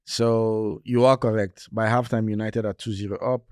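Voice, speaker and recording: A man's voice: fairly low pitch, level tone, normal speed, darkish tone, clear, resonant tone, no echo, studio quality. A man co-hosting a casual football podcast, talking in an emphatic way and repeating his points. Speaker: podcast co-host.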